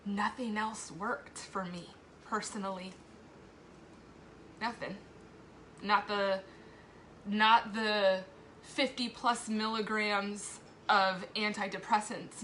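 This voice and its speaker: A woman's voice: mid-range voice, steady tone, takes it slowly, pushed and bright, slight background noise. A woman in her thirties, a mother, talking candidly and tearfully in a live video, swearing and laughing between sentences. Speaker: mother sharing a personal testimonial. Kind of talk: emotional live video confession.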